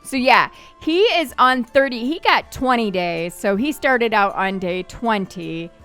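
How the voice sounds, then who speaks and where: A woman gamer narrates her play session in an easygoing, chatty way, her voice a touch high and very clear. She laughs often and jumps into excited squeals at surprises. Faint game music sits quietly behind her. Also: unhurried. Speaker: gaming channel host. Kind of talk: casual let's-play commentary.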